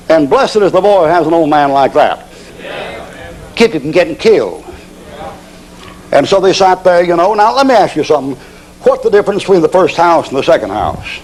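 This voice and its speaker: A man's voice: a little high, sing-song, fairly quick, long pauses, a little mellow, poor audio. A man preaching a storytelling sermon, folksy and acting out characters in dialogue.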